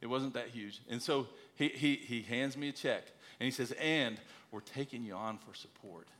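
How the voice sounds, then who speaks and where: A man's voice: medium pitch, moderate pace, fairly bright tone. A middle-aged man, a missionary preacher, telling a personal story in a sermon and urging listeners in an earnest, emphatic way.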